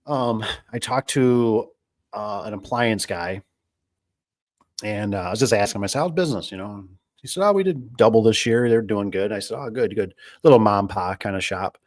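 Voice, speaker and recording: Casting note: a lower-voiced small-business owner, a man, talking off the cuff, folksy and rambling, close dry sound. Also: moderate pace, no room sound. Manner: rambling, filler-heavy, folksy. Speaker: garage door business owner. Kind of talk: casual livestream chat.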